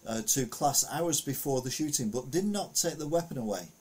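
A man's voice: mid-range voice, expressive, moderate pace, a little mellow, slightly rough. A man casually reading news headlines aloud and adding rambling, self-correcting comments full of fillers.

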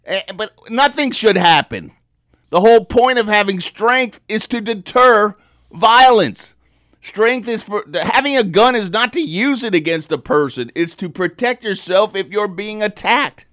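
A man's voice: high-pitched, expressive, measured pace, fairly bright tone, no room sound, clean studio sound. A man on a talk panel, giving his opinion in a fired-up, emphatic way and repeating words when he gets worked up.

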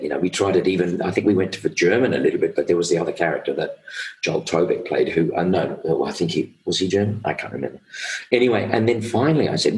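A man's voice: low voice, quick pace, a little mellow, low-quality recording. A man, a guest actor telling stories in a rambling, self-correcting way. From New Zealand. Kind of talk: casual interview storytelling.

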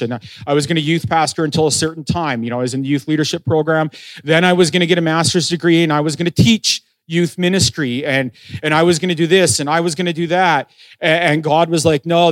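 A middle-aged pastor preaches his own story with a fairly high voice. He brings in conversations in lively voices and pokes fun at himself. The sound is close and dry. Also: no room sound. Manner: animated storyteller, acts out conversations, self-deprecating. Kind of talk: sermon testimony.

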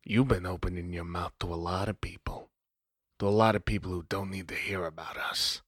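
A man's voice: sits low, steady tone, fairly quick, slightly rough, dry recording, studio quality, voice pushed down. A man voicing a scrawny, androgynous punk vampire who talks in slangy, drawling threats and sometimes sinks into a whisper. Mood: warning. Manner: slangy, drawling tough talk.

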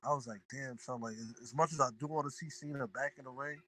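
A man guesting on a podcast, chatting in a laid-back, slangy way that often trails off quietly. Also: medium pitch, fairly even intonation, fast talker, rough recording. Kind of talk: casual chat.

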